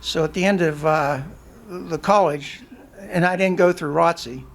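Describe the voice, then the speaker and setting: A man's voice: a little high, measured pace. An older man, a Vietnam veteran, answering from the audience at a live event in a dry, matter-of-fact way. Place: restaurant event room.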